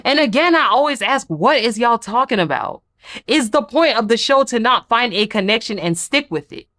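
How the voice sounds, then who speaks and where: Lively black-woman ranting thru a dating show recap, pitch all over the place. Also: normal speed. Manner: blunt, animated, slangy commentary. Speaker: recap vlogger. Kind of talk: casual reality-show recap.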